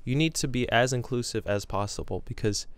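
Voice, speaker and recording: Young man rambling to camera, smooth dry voice. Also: medium pitch, a little fast, no room sound. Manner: rambling, self-deprecating storytelling. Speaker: gaming vlogger. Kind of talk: casual chat to camera. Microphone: camera with green screen.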